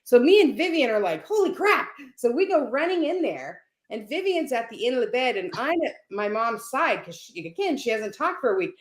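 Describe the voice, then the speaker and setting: A woman telling a personal story as a guest on a video call, animated and often checking in with "right?". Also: fairly high pitch, fairly quick, hardly any pauses. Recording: roomy echo.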